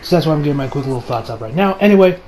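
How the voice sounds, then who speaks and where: A man's voice: on the high side, expressive, rapid-fire, warm tone, rough recording. A man talking casually as he reviews an anime episode, rambling with lots of restarts and the odd swear.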